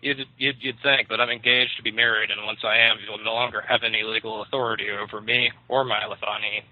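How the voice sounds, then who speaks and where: A man's voice: on the low side, little pitch movement, a little fast, dry recording, natural voice. A man voicing a sullen, defiant young man who argues with his father. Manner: defiant, contemptuous. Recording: tinny dry phone line.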